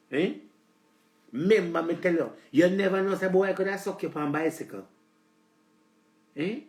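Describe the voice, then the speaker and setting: A man's voice: high voice, a little mellow, roomy sound. A man with a Jamaican accent rambling in a preachy, lecturing way, addressing his listeners directly on a live stream. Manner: preachy, lecturing, repeats "let me tell you something".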